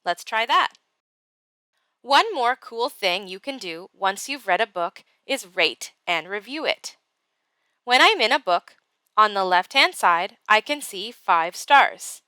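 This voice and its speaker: Brief: patient woman teacher, bright, clear voice, dry close sound, guiding a class step by step. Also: mid-range voice, lively intonation, dry recording. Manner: slow, patient step-by-step explaining. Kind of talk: classroom tutorial and read-aloud.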